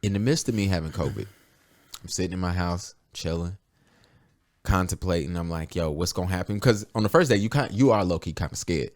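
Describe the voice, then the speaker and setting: Lively storytelling man, low voice. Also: fairly quick. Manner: animated, profane storytelling with acted quotes. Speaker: podcast host. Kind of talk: casual storytelling chat.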